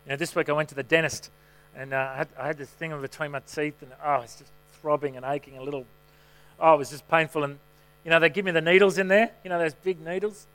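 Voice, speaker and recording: Male pastor, middle-aged, higher voice; easy, storytelling sermon delivery. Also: fairly even intonation, fast talker, fairly bright tone. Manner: conversational, self-mocking storytelling.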